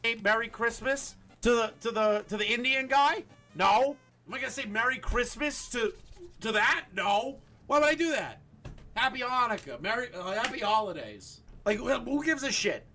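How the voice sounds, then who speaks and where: A man with a high, animated, bright voice vents in casual stream chat. He fires off exasperated questions, and faint music plays behind him. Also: normal speed.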